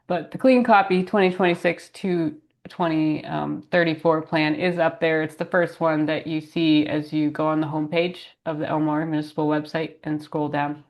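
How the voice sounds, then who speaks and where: A woman's voice: low voice, fairly even intonation, moderate pace, few pauses, darkish tone. A woman with a groggy voice, feeling ill, giving a planning update to a town meeting over a remote call. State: groggy voice from illness. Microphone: video call.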